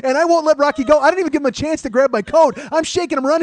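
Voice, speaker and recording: A middle-aged man, the host, telling a comic story in an animated, profane way, often getting loud and excited. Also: very high voice, rapid-fire, hardly any pauses. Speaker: podcast host.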